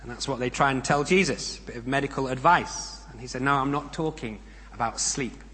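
A man preaching a sermon. He speaks in a measured, emphatic way, with pauses and rhetorical questions. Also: mid-range voice, sharp tone. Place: church. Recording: long reverb of a church hall.

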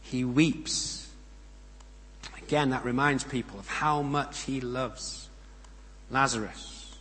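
A man preaching a sermon. He speaks in a measured, emphatic way, with pauses and rhetorical questions. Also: mid-range voice, steady tone, fairly bright tone. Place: church. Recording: long reverb of a church hall.

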